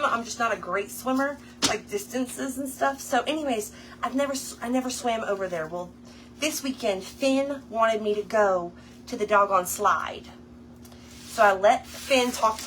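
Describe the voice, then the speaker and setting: Bright-voiced chatty woman. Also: a little high, slight background noise. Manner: chatty, animated storyteller addressing viewers as y'all. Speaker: craft vlogger. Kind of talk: casual storytelling while crafting.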